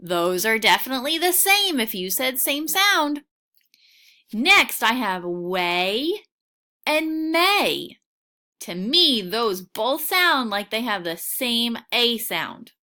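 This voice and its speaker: A woman teaching a recorded phonics lesson for children, patient and encouraging, sounding out each word clearly. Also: fairly high pitch, sing-song, bright, forceful tone. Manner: slow, clearly sounding out words.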